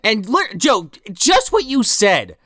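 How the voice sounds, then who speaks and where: A woman's voice: fairly high pitch, big pitch swings, slow, a bit bright. A woman co-hosting a podcast, recounting a film in casual, wry, profane chat. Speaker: podcast co-host.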